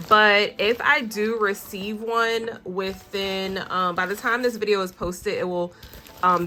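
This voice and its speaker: A woman's voice: medium pitch, pushed and bright. A woman reviewing nail products in a casual vlog, chatty and full of fillers, talking straight to her viewers. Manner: chatty, many fillers, addresses viewers as y'all.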